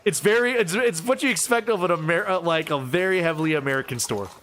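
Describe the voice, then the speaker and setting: A man's voice: a little high, quick pace, a bit bright, a little hiss or hum. A man narrating as game master of a tabletop role-playing game, in a loose, rambling way full of fillers.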